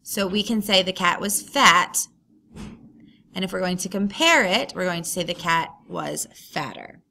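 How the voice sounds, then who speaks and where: Woman, teacher, recorded lesson, step-by-step explaining, crisp bright tone, touch of vocal fry. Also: fairly low pitch, measured pace.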